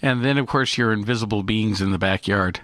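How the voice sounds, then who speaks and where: Man with a bright, crisp, dry voice. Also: fairly low pitch, brisk, no room sound. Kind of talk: casual radio chat.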